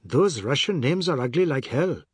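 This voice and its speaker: A man's voice: mid-range voice, animated, normal speed, breathy edge, dry recording. A man reading a novel aloud, voicing an irreverent man who makes dry, teasing remarks. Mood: mocking. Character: irreverent, mocking grown man.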